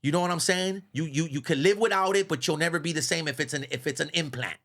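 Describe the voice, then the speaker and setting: A middle-aged man, a radio host, telling stories as a guest in a casual, profane, animated way, often saying "bro.". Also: a little high, quick pace. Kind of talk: casual storytelling.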